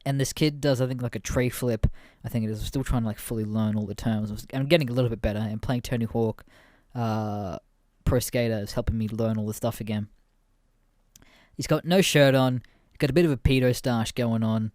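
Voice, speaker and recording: A man's voice: medium pitch, steady tone, brisk, a little mellow, dry recording, clean studio sound. A man in his twenties hosting a podcast, telling stories in a casual, rambling way, swearing freely and laughing often. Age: 20s. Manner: profane, laughs often, rambling with many fillers. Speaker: podcast host.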